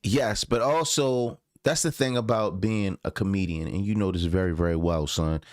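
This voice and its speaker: A man's voice: lowish voice, normal speed, a little mellow, no echo, studio quality. A man co-hosting a casual commentary chat, emphatic and a bit preachy, tagging lines with "man" and "son". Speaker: podcast co-host.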